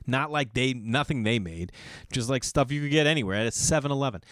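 A man hosting his own podcast in a casual solo monologue, telling animated stories, acting out what others said, and swearing now and then. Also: medium pitch, quick pace, dry recording. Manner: animated storytelling, acts out quoted people, swears casually. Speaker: podcast host.

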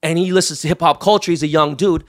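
A man's voice: fairly high pitch, fairly even intonation, quick pace. A man from Los Angeles telling wild, profanity-laced anecdotes in casual chat, acting out the people he quotes. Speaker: guest.

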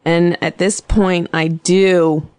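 A woman hosting a comedy call-in podcast, teasing her callers with crude, deadpan jokes. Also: on the low side, slow pace, very noisy. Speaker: podcast host. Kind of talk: casual comedic phone-in chat.

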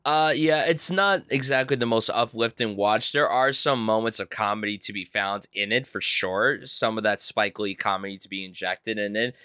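A man appearing as a guest on a film podcast, his voice bright and forceful. He is recorded dry and close, with no room sound, and talks eagerly in a laid-back way. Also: lowish voice, normal speed, few pauses, clear, resonant tone, no echo. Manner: enthusiastic, casual, says "dude" and "you know". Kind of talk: casual film podcast chat.

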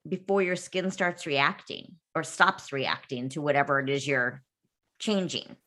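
A woman's voice: deep voice, a little slow, a bit bright. A woman interviewer asking curious, conversational questions.

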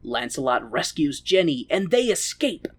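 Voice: mid-range voice, big pitch swings, moderate pace. A podcast host recapping a story in an irreverent, comedic way with frequent laughter.

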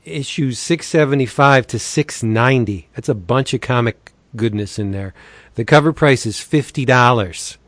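A man hosting a casual podcast reads comic deals in a playful pitchman manner. His voice sits in an ordinary middle pitch. He is recorded close on a dry mic with no room sound. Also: normal speed, no room sound. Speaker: podcast host.

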